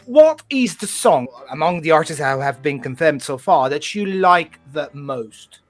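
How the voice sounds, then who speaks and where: Middle-aged man, interviewer; warm, effusive, halting restarts, faint music behind. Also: on the high side, expressive. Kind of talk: friendly interview chat.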